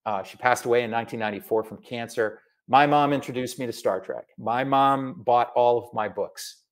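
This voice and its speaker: A middle-aged man from Massachusetts, an author chatting in an interview, animated and full of asides. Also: medium pitch, normal speed. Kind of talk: casual video interview.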